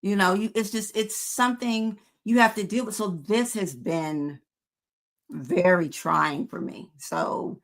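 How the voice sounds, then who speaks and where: A woman's voice: medium pitch, measured pace. A woman in her fifties co-hosting a podcast. She talks frankly and conversationally, with hesitant fillers. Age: 50s. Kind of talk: candid podcast chat.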